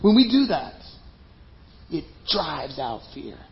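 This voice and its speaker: A man's voice: a little high, sing-song, takes it slowly. A man preaching a sermon as pastor, emphatic and conversational. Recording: dull lo-fi recording.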